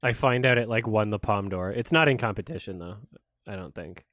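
A man hosting a casual reaction video, laughing often, swearing and breaking into loud excited exclamations between quieter musings. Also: fairly low pitch, a little fast, no echo, studio quality.

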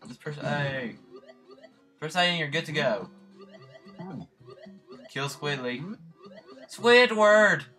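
A man casually commentating his own gameplay, goofy and rambling, cracking jokes and shouting at the screen. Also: fairly high pitch, slow, long pauses, soft background music. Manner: goofy, rambling, sings snatches of songs. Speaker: let's play host.

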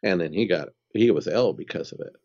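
A very low-voiced man in his fifties with a mellow, dark tone tells his story as a guest on an interview podcast. He is animated and conversational, slipping into the voices of the people in his anecdote. The audio is slightly dull and lo-fi. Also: a little fast. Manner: animated storyteller who acts out dialogue and laughs often. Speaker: guest, spiritual healer.

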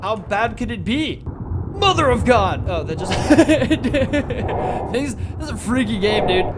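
A young man with a high voice narrates his video game session, swearing freely and breaking into yells when things go wrong. Clear game noise runs behind him the whole time. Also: slow. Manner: excitable, profane, yells at the game. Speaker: gaming YouTuber. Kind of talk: let's play commentary.

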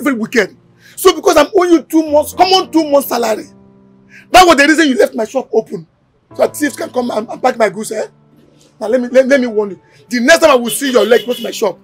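A blustering, bullying Nigerian shop owner. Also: male voice, extremely high pitch, animated, fairly quick, slightly rough, faint music behind, exaggerated voice. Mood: angry. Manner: blustering, mocking, threatening. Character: harsh bullying male shop owner, threatening.

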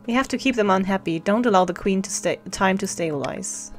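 A woman's voice: mid-range voice, brisk, few pauses. A woman streaming a story game, chatting with her chat and reading the game's dialogue aloud in a casual, playful way. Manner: chatty, reads card text aloud, laughs often. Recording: faint music behind.

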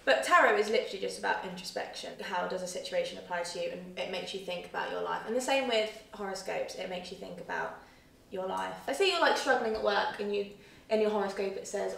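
A woman's voice: medium pitch, fast, vocal fry, a bit bright. A young woman in a casual chat, earnestly explaining her views at length. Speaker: guest. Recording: roomy echo, distant mic.

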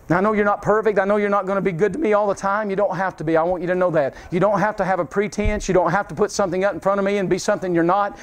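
A man's voice: sits high, steady tone, very fast, few pauses. A man preaching a revival sermon in a church, fervent and repetitive, calling out to the congregation. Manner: fervent, calls out to the congregation, repeats phrases. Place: church sanctuary.

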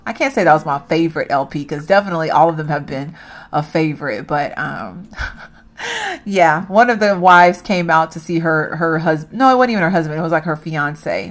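A woman commenting casually on her gameplay, chatty and reacting loudly to what happens, often calling out to viewers. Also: fairly low pitch. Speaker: gaming channel host.

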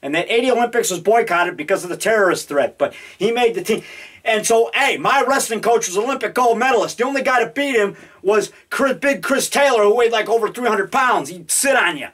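High-voiced rambling man in his fifties. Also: fairly quick. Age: 50s. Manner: excitable, rambling, growls mock monster roars. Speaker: independent horror filmmaker. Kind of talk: rambling home video chat. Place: home basement. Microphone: handheld digital camera.

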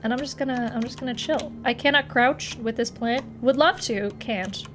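A woman's voice: on the high side, normal speed. A young woman playing a video game and chatting through it with playful, joking commentary. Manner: chatty, playful, swears, giggles. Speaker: gaming YouTuber. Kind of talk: casual let's-play commentary.

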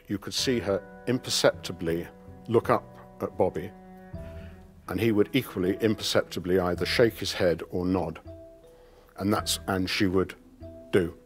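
A man telling anecdotes in a documentary interview. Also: sits low. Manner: anecdotal, recalling.

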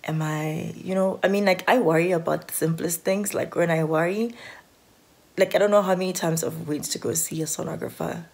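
Low, gravelly South African woman vlogging. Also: fairly even intonation, brisk. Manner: rambling, anxious, full of "like" fillers. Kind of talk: casual chat to camera. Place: at home. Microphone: handheld phone.

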